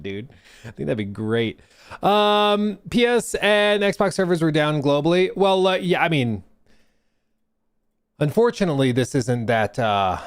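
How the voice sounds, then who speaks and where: A man's voice: fairly high pitch, no room sound. A man hosting a live gaming stream, chatting casually, repeating his phrases and using slang as he reads out gaming news.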